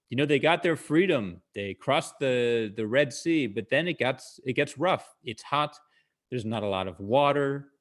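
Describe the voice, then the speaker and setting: Over a video call, a male comedian with a mid-range voice talks casually and conversationally to his online audience. He breaks down his jokes as he goes, with plenty of fillers.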